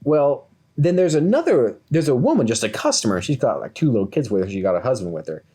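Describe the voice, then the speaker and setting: A man's voice: medium pitch, quick pace, slightly rough. A man in his twenties, co-host of a podcast, telling a story in a casual way and acting out the voices of the people in it. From Kentucky, USA. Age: 20s. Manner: animated, acts out quoted voices.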